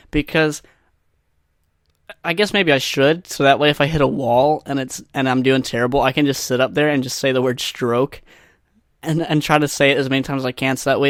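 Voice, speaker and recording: A man's voice: medium pitch, dry recording, clean studio sound. A young man hosting a solo podcast, rambling through crude, self-deprecating jokes. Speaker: podcast host. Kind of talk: solo casual podcast monologue. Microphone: podcast microphone.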